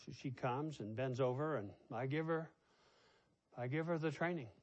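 A man's voice: medium pitch, moderate pace, highs cut off. An older man, a pastor, preaching a sermon and telling a family story in a conversational way.

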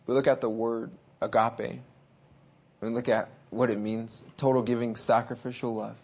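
A man preaching a sermon. He shifts between hushed and loud passages, urges his listeners on, and reads scripture slowly and deliberately. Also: mid-range voice, level tone, slightly rough.

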